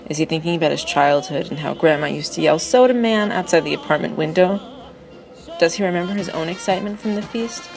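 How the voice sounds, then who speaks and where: A woman reading a personal narrative essay aloud in a wry, excitable storytelling manner. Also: sits low, quick pace, creaky, music in the background, poor audio.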